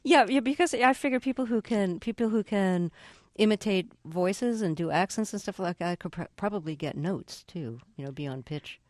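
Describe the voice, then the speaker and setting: A woman's voice: mid-range voice, animated, moderate pace, few pauses, a little mellow, no room sound. A woman interviewing a guest in a radio studio, asking questions with hesitant restarts.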